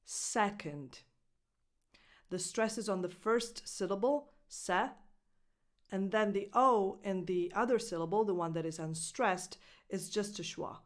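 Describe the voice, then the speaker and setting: A woman whose first language is Italian, teaching English pronunciation as a coach and clearly modeling each word. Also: mid-range voice, normal speed. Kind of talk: pronunciation lesson.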